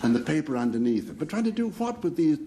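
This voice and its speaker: A man captaining a team on a panel game, talking in a hesitant, halting way that repeats itself. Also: on the high side, very animated, dark tone, slight background noise. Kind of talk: jokey panel banter.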